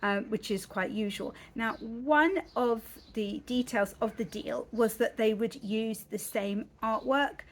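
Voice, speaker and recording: A woman's voice: fairly high pitch, a little slow, few pauses, slight background noise. A British woman vlogging casually about her books, chatty and polite, with frequent ums and little self-corrections. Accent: British English. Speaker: author vlogger. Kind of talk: casual talking-head vlog.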